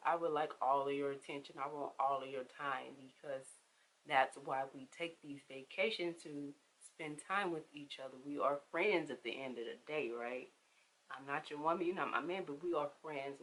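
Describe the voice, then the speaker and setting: A young woman, telling a casual storytime vlog with animated, emphatic delivery and acted-out quotes. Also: low-pitched, poor audio.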